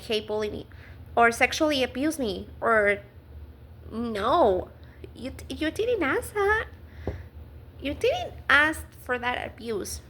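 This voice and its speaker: A woman speaks to camera in a personal vlog, slow and unhurried, her voice sitting a little high. She talks earnestly, stopping and restarting often with fillers. A faint hum of ambience sits behind her. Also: fairly bright tone. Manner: earnest, halting, many fillers and restarts, nervous laughs. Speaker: vlogger.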